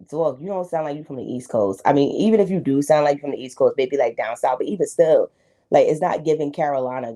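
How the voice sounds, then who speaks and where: Brief: middle-aged New York woman host, deep dark voice, slangy and emphatic. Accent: New York African American English. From United States. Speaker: reaction video host. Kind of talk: casual reaction commentary.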